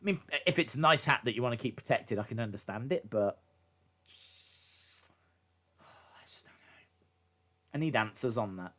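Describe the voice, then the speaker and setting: A man hosting a live stream, giving casual reaction commentary and jumping into excited, high-pitched exclamations and rhetorical questions. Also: fast talker, hardly any pauses.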